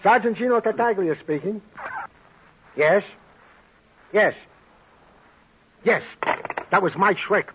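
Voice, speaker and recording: An actor playing a sentimental, florid police sergeant in a 1950s radio drama. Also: male voice, sits high, slow pace, pauses often. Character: warm-hearted heroic police sergeant, a man. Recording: dull old radio recording with hiss.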